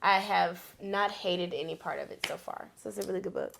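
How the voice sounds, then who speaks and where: A woman's voice: fairly low pitch, a little fast, gravelly, background noise. A young woman co-hosting a podcast, a little tipsy, telling stories dramatically in casual chat. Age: young adult. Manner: dramatic, laughs through her stories. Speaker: podcast co-host. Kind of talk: casual chat, animated storytelling.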